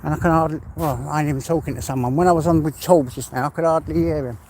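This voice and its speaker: A man's voice: fairly high pitch, fairly even intonation, fast talker, a little mellow, slight background noise. A man with an English accent chatting to his viewers on a phone livestream while walking his dog through the fields, swearing now and then. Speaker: livestream host. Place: outdoors in rural fields.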